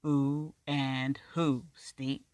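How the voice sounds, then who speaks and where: A story reader voicing a stern, skeptical Black man who questions another man bluntly and a little louder than the narration. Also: mid-range voice, level tone, very slow, no room sound. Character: stern, pitiless older Black man with a knife. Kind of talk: audiobook dialogue reading.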